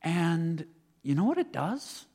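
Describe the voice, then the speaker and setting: A man's voice: on the high side, sing-song, slow, a little mellow, breathy edge. A young man, a student, giving an earnest, reflective personal testimony and often stumbling over his words. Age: young adult. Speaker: student speaker sharing faith. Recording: long reverb of a hall.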